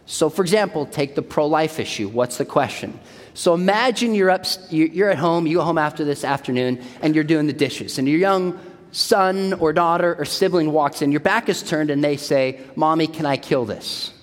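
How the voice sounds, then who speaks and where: A man delivering a sermon, telling jokes and stories with lively energy. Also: a little high, normal speed. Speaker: speaker. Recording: long hall reverb.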